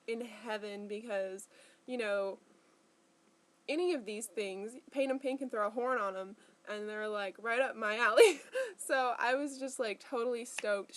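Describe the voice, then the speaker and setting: A young woman in casual vlog talk, chatty and rambling with lots of fillers, tired and in pain. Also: a little high. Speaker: vlogger.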